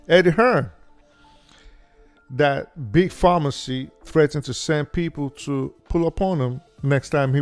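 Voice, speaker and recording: Sarcastic male commentator over faint music. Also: mid-range voice. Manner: mocking, chuckles at own jokes. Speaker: YouTube commentator.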